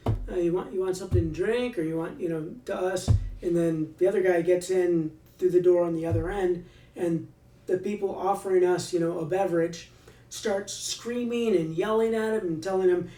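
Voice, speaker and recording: A man, an army veteran, telling a story in a relaxed, casual way with frequent fillers. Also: high-pitched, reverberant, recorded from a distance. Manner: relaxed, many fillers and restarts.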